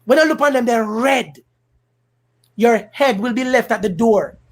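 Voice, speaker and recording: Animated Jamaican man commentating. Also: very high-pitched, unhurried. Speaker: political commentator host. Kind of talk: casual livestream commentary.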